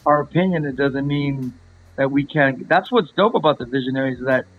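A man's voice: medium pitch, fairly quick, breathy edge, narrow, tinny audio. A man, a rapper guest, talking casually and animatedly, repeating himself and calling the host "bro". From Los Angeles area. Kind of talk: casual interview chat.

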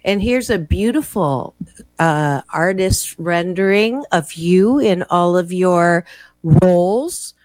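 Female interviewer, unhurried and supportive, dry close sound. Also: on the low side, lively intonation, a little mellow, no room sound. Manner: encouraging, short replies. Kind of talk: casual interview chat.

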